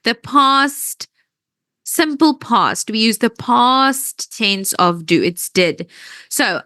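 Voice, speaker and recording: Animated, slow-spoken woman teaching grammar. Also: fairly high pitch, no echo. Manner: patient, explains step by step, checks understanding often. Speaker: English teacher. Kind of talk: online grammar lesson.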